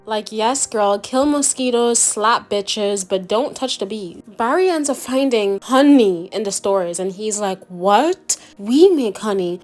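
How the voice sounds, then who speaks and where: Crude, sarcastic young woman recapping a movie. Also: mid-range voice. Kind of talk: comedic movie recap narration.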